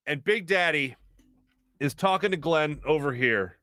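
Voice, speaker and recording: A man hosting a sports talk show in a studio, telling a story in a lively way and laughing as he acts out what people said. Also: a little high, slow, no room sound. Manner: animated, laughing as he acts out quotes. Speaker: host. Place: radio studio.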